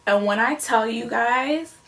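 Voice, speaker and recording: A woman's voice: on the high side, unhurried, fairly bright tone. A young woman telling a personal story on her own channel in a casual, emotional, rambling way, with many fillers. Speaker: vlogger.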